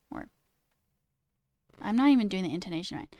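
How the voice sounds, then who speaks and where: A woman's voice: mid-range voice, fairly quick, pauses often, no echo, studio quality. A woman in her twenties chatting casually on a livestream, ranting with lots of "like" and swearing. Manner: chatty, animated rants, says "like" a lot, swears. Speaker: coding livestreamer. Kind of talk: casual chat while reading stream chat.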